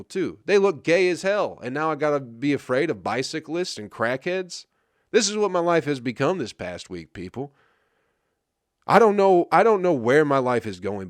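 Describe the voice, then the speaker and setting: Michigan guy ranting on his podcast, low voice, swears a ton, dry close mic. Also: no echo. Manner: crude, exasperated, mocking. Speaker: comedian podcast host. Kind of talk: profane comedic rant.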